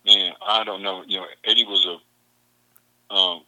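A man's voice: low voice, little pitch movement, takes it slowly, sharp tone, rough recording. A man with a Southern accent hosting a casual chat, talking in a rambling, stop-start way.

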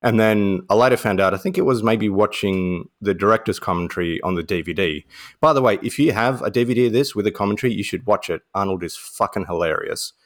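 Low-voiced man telling anecdotes. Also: fast. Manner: relaxed storytelling, uses "mate". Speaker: podcast co-host. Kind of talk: casual film discussion.

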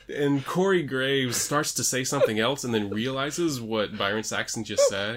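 A man's voice: mid-range voice, animated, normal speed, hardly any pauses, fairly bright tone. A man co-hosting a podcast, chatting casually and laughing as he tells stories. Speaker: podcast co-host. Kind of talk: casual chat.

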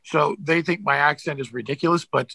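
Bright, gravelly man telling stories. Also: fairly high pitch, a little fast, no room sound, rough recording. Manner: rambling, many fillers and restarts. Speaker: actor guest. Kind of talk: casual interview storytelling.

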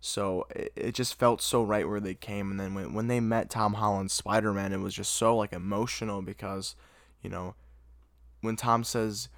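A young man gushing about a movie in an excited, casual recap, full of "dude" and "oh my God". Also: on the low side, a little slow, vocal fry, no room sound. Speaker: movie fan reviewer.

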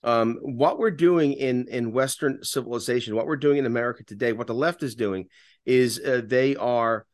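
Male talk host, fervent, repeats himself mid-sentence, average pitch, dry close sound. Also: moderate pace, no room sound. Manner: repetitive restarts, impassioned. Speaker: radio talk show host. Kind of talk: podcast political talk.

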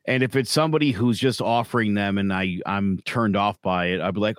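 Man, podcast co-host, lower voice, opinionated, rambling, dry close mic. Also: steady tone, brisk, dry recording. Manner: rambling, opinionated, frequent fillers. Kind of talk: casual chat.

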